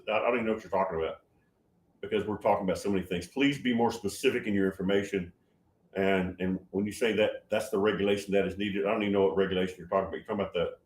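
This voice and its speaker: An older man in his seventies talks through viewer comments on his stream. He gets loud when he's excited and often stops to restart his sentences. His voice sits a bit low, and the room around him echoes. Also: slight background noise. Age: 70s. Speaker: livestream host answering chat. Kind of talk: casual livestream talk.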